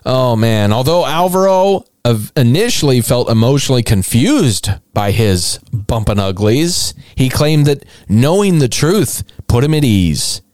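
Irreverent male podcast host, animated delivery, swears freely, dry close sound. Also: mid-range voice, a little slow, hardly any pauses, no echo. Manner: irreverent, mocking, swears often, laughs at own material. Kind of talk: comedic storytelling podcast.

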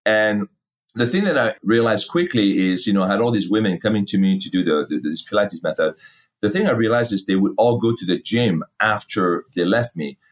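Middle-aged male guest, lowish voice, blunt storyteller who swears and mimics dialogue. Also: brisk. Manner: candid, swears freely, acts out past dialogue. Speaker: fitness company founder, guest. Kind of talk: casual storytelling interview.

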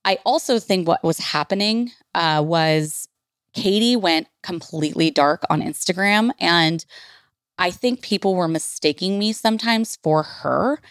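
A woman's voice: fairly low pitch, measured pace, dry recording, clean studio sound. A woman in her thirties from Northern California telling a personal story on her podcast, candid and casual, swearing freely and filling with "like". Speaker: podcast host.

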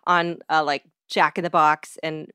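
A woman's voice: deep voice, little pitch movement, measured pace, sharp tone, smooth, no room sound, clean studio sound. A woman guest on a podcast, chatting casually and telling stories with lots of filler words. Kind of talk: casual chat.

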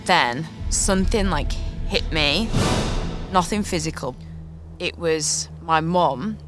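A woman in her thirties tells a deeply personal story in an earnest, reflective way. Short nervous laughs slip in between her words. Music plays clearly underneath her voice. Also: a bit bright. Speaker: podcast host.

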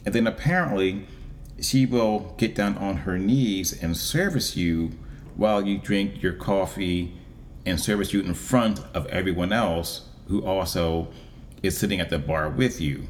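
A man giving a casual, wry monologue as a vlogger, with deliberate pauses. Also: low voice, a little hiss or hum.

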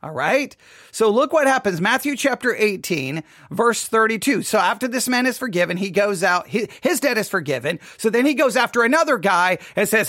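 High-voiced man commenting in a dry room. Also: lively intonation, moderate pace, fairly bright tone, dry recording. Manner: conversational, loose, with restarts. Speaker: host. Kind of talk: casual commentary on a sermon.

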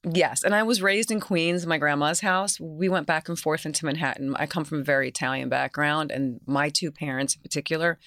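A woman's voice: low voice, steady tone, a little fast, few pauses, fairly bright tone, no room sound, clean studio sound. A woman from New York with a New York accent, a guest actress in an interview who tells candid stories, laughs often and acts out what people said. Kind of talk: casual interview storytelling.

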